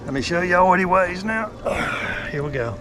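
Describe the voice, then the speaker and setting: A middle-aged man with a Southern accent, chatting folksily and getting excited as he fishes from a small boat on a creek. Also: high-pitched, normal speed, noisy background. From North Alabama. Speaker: fishing vlogger. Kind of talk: casual outdoor fishing vlog.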